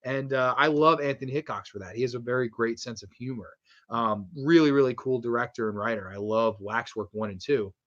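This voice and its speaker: A man hosting a casual horror movie review livestream from home, rambling excitedly and swearing a lot. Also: mid-range voice, fairly quick, dull audio. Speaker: livestream host. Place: home streaming setup with posters behind.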